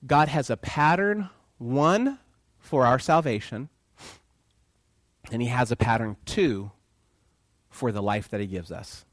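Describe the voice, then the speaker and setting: A man's voice: medium pitch, takes it slowly, long pauses, dry recording. A man preaching a sermon, asking the congregation questions and acting out voices in quotes. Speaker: pastor.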